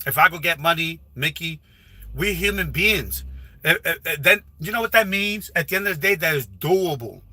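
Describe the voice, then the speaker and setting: Man, high and bright-toned, rambling casual livestream advice, dry close phone sound. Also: animated, moderate pace, dry recording. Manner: rambling, repetitive, with frequent restarts. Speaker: livestreaming YouTuber. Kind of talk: casual live stream advice talk. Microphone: phone held while livestreaming.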